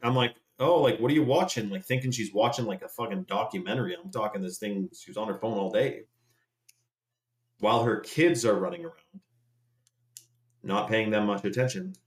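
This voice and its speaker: Rambling, profane live-stream host. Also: male voice, fairly low pitch, normal speed, pauses often. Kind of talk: casual live-stream rant. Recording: roomy echoey room.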